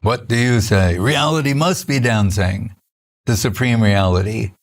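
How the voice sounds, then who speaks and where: An older man giving an informal spiritual lecture, telling stories conversationally with many restarts and soft laughs. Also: fairly low pitch, a little slow. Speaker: spiritual teacher.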